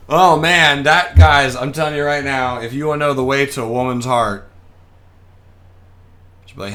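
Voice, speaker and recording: A man's voice: medium pitch, animated, measured pace, fairly bright tone. A young man giving casual, joking live commentary on the market as he trades, reading viewer comments aloud and chatting back. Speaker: day trader streaming live.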